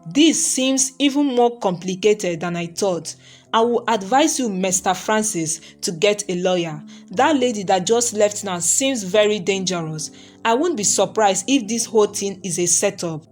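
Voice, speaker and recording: A woman voicing a calm, firm male police officer who explains procedure and gives advice, in a storybook reading. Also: mid-range voice, soft background music. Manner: measured, emphatic.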